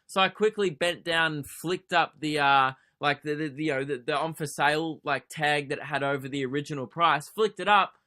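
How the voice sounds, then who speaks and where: A man's voice: on the high side, a little fast, few pauses, bright, forceful tone. A young Australian man hosting a comedy podcast, telling a sarcastic, sweary story. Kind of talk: comedic solo podcast rant.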